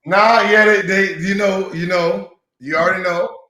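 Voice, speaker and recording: A man hosting a sports livestream from his laptop, talking loud, excited and stammering. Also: sits high, unhurried. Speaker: host. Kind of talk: casual livestream chat. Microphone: laptop mic on a call. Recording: roomy laptop call audio.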